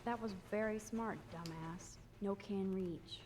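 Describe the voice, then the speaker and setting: A woman's voice: medium pitch, a little slow, noisy background, lightly acted. Max, a woman playing a wry teenage girl. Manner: dry, understated asides. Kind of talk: video game dialogue. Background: game music.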